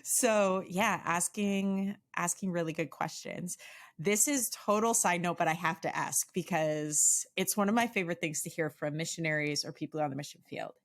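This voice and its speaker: A woman's voice: lowish voice, moderate pace. A middle-aged woman hosting a podcast interview, chatting casually with frequent laughs and many "like" fillers. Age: 40s. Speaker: podcast host.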